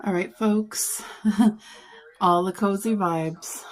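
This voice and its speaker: Middle-aged woman vlogger, homey and chatty, quick little apologies as she goes. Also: medium pitch, fairly even intonation. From Canada. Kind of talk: casual home vlog.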